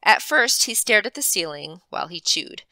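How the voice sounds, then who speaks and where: A librarian reading a chapter aloud with expressive, animated narration, close to the mic. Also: female voice, mid-range voice, normal speed, dry recording. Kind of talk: storybook read-aloud.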